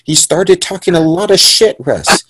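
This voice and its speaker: Profane animated man telling a fight story. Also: sits high, moderate pace, breathy edge, no room sound. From San Diego, US. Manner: animated, profane, acts out quoted voices. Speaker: podcast guest, fighter. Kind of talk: casual storytelling.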